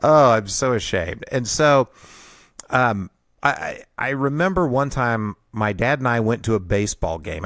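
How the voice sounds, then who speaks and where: A man in his fifties tells a rambling, self-deprecating story about his family, chuckling as he goes. His voice sits at an ordinary middle pitch. He is recorded close and dry, with no room sound. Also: no echo. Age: 50s. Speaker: podcast host. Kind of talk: personal storytelling monologue.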